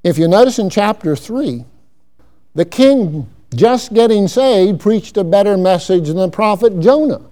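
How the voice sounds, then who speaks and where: A male preacher with a high voice, giving a sermon. He reads verses aloud and then comments on them in plain, folksy terms. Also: animated, measured pace, dark tone.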